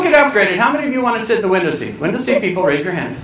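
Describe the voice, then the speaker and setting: Male comic keynote speaker, high lively voice, story-driven stand-up, recorded from afar in an echoey hall with room noise. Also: racing, hardly any pauses, recorded from a distance, a loud crowd. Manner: animated, acts out voices, squeals and cries out for comic effect. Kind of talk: stand-up storytelling to a live audience. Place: large hall with a live audience.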